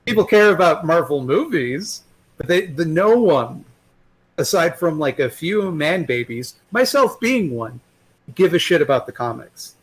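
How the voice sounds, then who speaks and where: A man's voice: on the high side, big pitch swings, measured pace, breathy edge, rough recording. A man talking as a guest in a casual chat, rambling and swearing, with many restarts and fillers.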